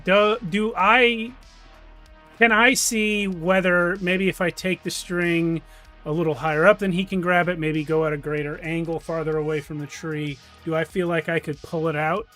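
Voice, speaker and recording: A man joking and asking questions as a player in a tabletop game. His voice is high for a man and bright, with a playful, chatty tone. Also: steady tone, normal speed, faint music behind. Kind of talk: casual tabletop play.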